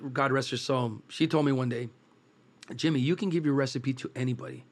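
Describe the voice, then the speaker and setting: A man from East Los Angeles tells long, relaxed stories about cooking, his voice sitting at an ordinary middle pitch. He rambles comfortably from one anecdote to the next and acts out the quoted dialogue. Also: a little fast. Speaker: guest, food truck cook. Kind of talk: casual storytelling.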